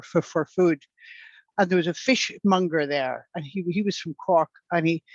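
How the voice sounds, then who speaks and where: A woman's voice: on the low side, no room sound. A woman with an Irish accent, chatting effusively on a video call and praising a talk at length. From Ireland. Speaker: audience member commenting. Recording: dull lo-fi call audio.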